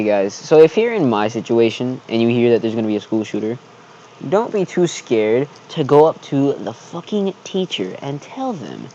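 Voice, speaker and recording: A young man telling a casual storytime vlog, loose and profane, tagging his sentences with quick check-ins. His voice is mellow and dark. The recording is muffled and lo-fi. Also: mid-range voice, slight background noise. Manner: loose, profane storytelling with frequent 'right?' tags and laughs. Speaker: channel host telling a story.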